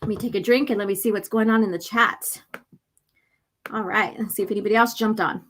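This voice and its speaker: A woman hosting a casual livestream and reading a comic aloud, rambling with many fillers and often clearing her irritated throat. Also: mid-range voice, fairly even intonation, fairly quick, fairly bright tone.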